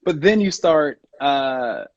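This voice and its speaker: A man's voice: fairly high pitch, lively intonation, takes it slowly, no room sound, highs cut off. Playful male voice actor, slightly scratchy. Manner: playful and self-mocking. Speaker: voice actor guest. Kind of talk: casual interview chat. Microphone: video call.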